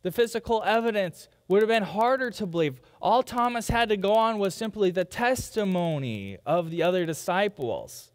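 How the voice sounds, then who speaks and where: A man's voice: high-pitched, lively intonation, normal speed, hardly any pauses, big-room sound. A man preaching a sermon as pastor, in a conversational way, sometimes mimicking doubters. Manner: conversational, quoting skeptics in mock voices. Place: church sanctuary.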